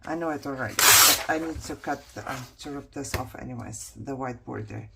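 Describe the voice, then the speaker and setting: With heavy background noise behind her, a woman vlogger crafts and chats, mocking herself over how tired she is and talking to herself as she works. Her voice is bass-deep and gravelly, and she talks a little fast.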